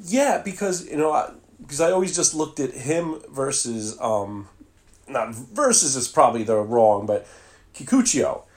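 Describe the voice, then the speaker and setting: Relaxed man recapping a film. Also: medium pitch. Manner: relaxed, recaps plot, some halting restarts. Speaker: podcast co-host. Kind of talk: casual film discussion.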